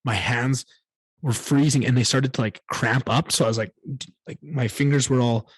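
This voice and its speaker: A man's voice: mid-range voice, steady tone, moderate pace, slightly rough, dry recording. A man hosting a solo podcast, telling a candid personal story in a rambling way and swearing often. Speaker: podcast host.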